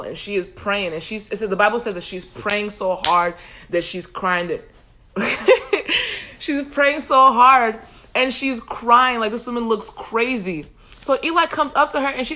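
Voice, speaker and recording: A woman hosting a casual livestream Bible commentary, animated and joking with slangy asides and frequent laughter. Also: lowish voice, normal speed. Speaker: host.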